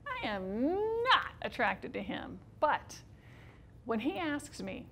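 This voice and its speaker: A woman in her fifties, with a high voice, tells her own life story on stage in a wry, expressive monologue. Her dry humor runs through the telling. A faint hiss sits beneath the voice. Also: slow pace, vocal fry. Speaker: solo stage performer. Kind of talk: autobiographical one-woman stage show.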